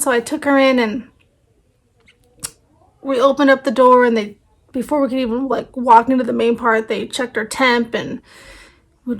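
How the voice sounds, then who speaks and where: A family vlogger in her thirties chats casually, rambling with fillers as she grows tired and her voice fades. Her voice is high and a bit bright.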